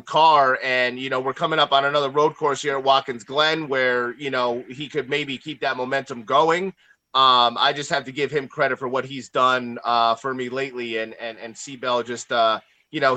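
A man's voice: mid-range voice, sharp tone. A man co-hosting a casual podcast chat, rambling with many fillers as he tells stories. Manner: rambling, filler-heavy storyteller. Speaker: podcast co-host.

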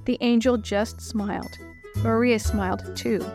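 A woman reading a children's Bible story aloud, lively and raising her voice high for the child's lines. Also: unhurried, soft background music.

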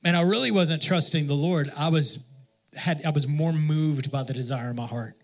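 A man's voice: fairly high pitch, moderate pace. A man preaching a sermon in a conversational, self-deprecating storytelling manner, often restarting his sentences. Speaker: pastor.

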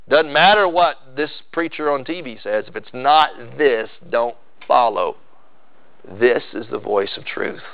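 A man preaching a sermon with emphatic delivery, swinging into loud, high bursts on key phrases. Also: gravelly, highs cut off. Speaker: pastor.

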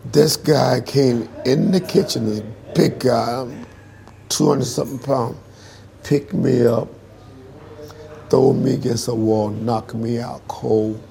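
A man's voice: mid-range voice, gravelly, mellow. A man in his sixties, interviewed, telling a hard personal story earnestly and emphatically, acting out what people said. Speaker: interviewee, singer.

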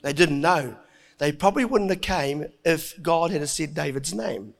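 Aussie preacher guy, middle-aged, tells the bible story all animated, does the voices, chuckles a lot, fairly high voice. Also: a little slow, vocal fry. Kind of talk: sermon.

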